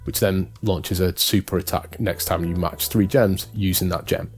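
Male podcast co-host, lowish voice, loose and rambling, faint music bed. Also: fairly even intonation, normal speed. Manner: rambling, self-correcting, amused. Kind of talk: casual chat.

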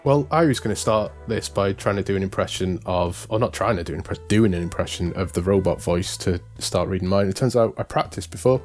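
A man's voice: low-pitched, fairly quick, hardly any pauses, darkish tone, faint music behind. A man co-hosting a podcast, talking in a casual, rambling way and often correcting himself. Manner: rambling, self-correcting, amused. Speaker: podcast co-host. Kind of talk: casual chat.

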